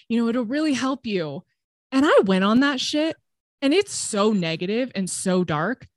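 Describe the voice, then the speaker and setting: Frank podcast guest, woman, expressive storyteller who swears casually; dry recording. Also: on the low side, no room sound. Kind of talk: candid conversational storytelling.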